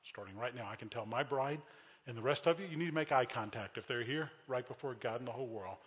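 A man preaching a sermon, telling a story with animated, shouted exclamations and dropping to a soft tone for heartfelt appeals. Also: mid-range voice, fast, long reverb tail, muffled recording. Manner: drops to a soft, intimate tone for appeals. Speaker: pastor.

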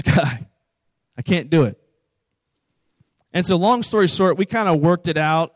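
Storytelling youth pastor, dry close sound. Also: male voice, a little high, dry recording. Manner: storytelling, conversational, frequent "right?". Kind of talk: youth group talk.

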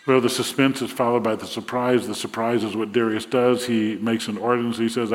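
A man's voice: mid-range voice, little pitch movement, a little fast, few pauses, long reverb tail. A man preaching a sermon, retelling a Bible story and acting out the king's words with rising emphasis. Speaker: pastor.

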